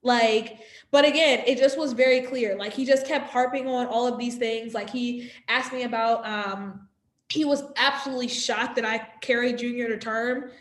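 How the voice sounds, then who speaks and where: A woman with a fairly high voice tells a personal story in an easy, chatty way. She sounds exasperated and fills her sentences with little asides. The recording has a noticeably echoey room around her. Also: fairly even intonation, normal speed. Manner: chatty, exasperated retelling full of fillers. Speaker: podcast guest.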